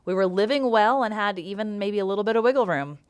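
A woman's voice: medium pitch, quick pace, clear, resonant tone. A middle-aged woman co-hosting a faith podcast, telling a personal story with playful humor. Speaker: podcast co-host.

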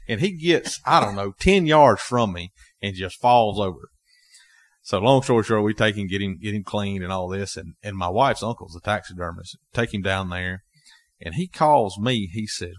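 A man telling a story as a guest on a talk show, animated and laughing as he goes. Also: fairly low pitch, normal speed. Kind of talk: casual storytelling.

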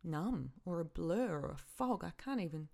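A grieving woman talks alone into her podcast mic, her voice low and unhurried. She stops and repeats herself often as she searches for words. It is a personal, unscripted monologue. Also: animated, creaky, a little mellow. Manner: halting, emotional, repeats herself. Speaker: podcast host.

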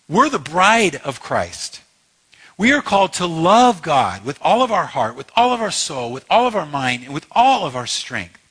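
A man's voice: sits high, pushed and bright, slightly rough. A man preaching a sermon as pastor, impassioned and emphatic, repeating phrases for weight.

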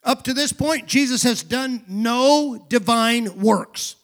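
A male pastor preaching a sermon, calling for responses from the congregation and rising to shouted emphasis. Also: very high-pitched, takes it slowly. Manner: drops to a quiet aside voice for asides.

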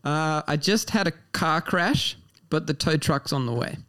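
A playful Australian man hosting a relaxed interview, his voice smooth and clear and sitting a little high. He laughs easily and keeps the chat light. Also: unhurried. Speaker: podcast host.

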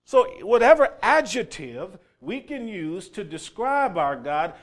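A male preacher with a high voice delivering a sermon. His pitch leaps and dips all over the place, and he moves from ringing calls to soft, low asides. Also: sing-song, a little slow. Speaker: pastor.

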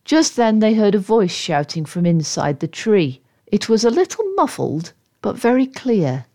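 A woman narrates a children's storybook slowly and expressively. Her pitch rises and falls a lot, and her tone is playful. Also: very animated, warm tone. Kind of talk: storybook read-aloud narration.

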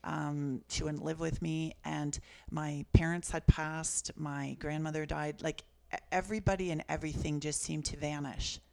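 A woman's voice: low voice, level tone, normal speed, gravelly, hardly any pauses. A woman in her fifties from Canada, an author and guest who shares personal stories in an earnest, reflective way. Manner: earnest, reflective, soft-spoken. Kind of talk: personal storytelling in conversation.

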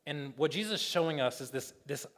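A male pastor preaching in a church sanctuary, his voice a touch higher than most men's. He talks loosely and conversationally, full of ums and uhs. The room gives a long, ringing reverb. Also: expressive, a little fast, fairly bright tone. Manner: conversational, many fillers, playful retellings. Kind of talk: sermon.

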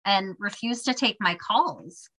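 Bright-voiced sarcastic woman storyteller. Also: mid-range voice, expressive, slow, low-quality recording. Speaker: podcast co-host. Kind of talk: casual chat.

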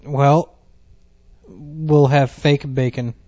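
A man's voice: a little high, steady tone, drawn-out words, dark tone. A man chatting crudely on a podcast, giving short, dry replies. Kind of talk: crude casual banter.

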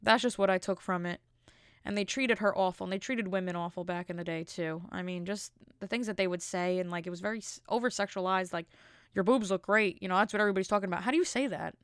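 Speaking fast in a clear, resonant, medium-pitched voice, a woman in her thirties rambles through casual, indignant opinion talk full of filler words as a commentator. The recording is clean studio sound with no room sound.

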